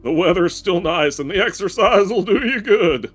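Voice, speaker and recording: A man's voice: sits high, expressive, normal speed, a bit bright, slightly rough, faint music behind, heavily acted. Mateo, grouchy garbage man, a streamer voicing him. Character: grouchy male garbage worker, hardworking. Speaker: voicing a game character.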